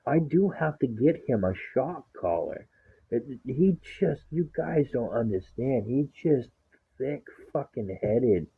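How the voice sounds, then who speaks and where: A man's voice: mid-range voice, animated, slow, breathy edge. A man rambling about his dog in casual chat, swearing a lot and acting out what he says to it. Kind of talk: casual profane storytelling. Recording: tinny phone-like sound.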